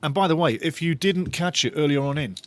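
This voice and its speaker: Excitable fan calling a match. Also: male voice, on the high side, fairly quick, heavy background noise. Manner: animated, repeats phrases, laughs often. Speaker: fan commentator on a watch-along stream. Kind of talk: excited live match commentary.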